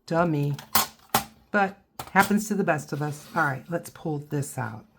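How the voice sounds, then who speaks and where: A woman's voice: deep voice, expressive, moderate pace, creaky, background noise. A woman giving a casual painting tutorial, chatting and thinking aloud as she works. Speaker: watercolor instructor.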